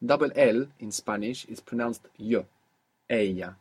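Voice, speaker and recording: A man's voice: mid-range voice, measured pace, darkish tone, slightly rough. A man teaching a spoken language lesson, patiently prompting a student and repeating the answers.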